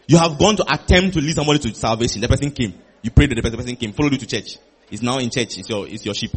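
A man preaching a lively sermon, animated and playful, repeating his phrases and acting out little conversations. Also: medium pitch, racing, slightly rough. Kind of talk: lively sermon with acted dialogue.

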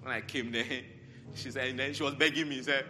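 Male preacher, animated, bright and slightly high voice, reverberant hall. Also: fast. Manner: animated, repetitive, calls out congregants by name. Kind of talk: sermon. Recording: large hall reverb, faint music.

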